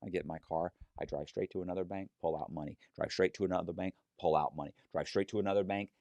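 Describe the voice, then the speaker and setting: A man telling a story in a casual interview, animated and profane, acting out other people's lines as he goes. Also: low-pitched, fast talker, gravelly, no room sound, muffled recording. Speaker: guest telling his story.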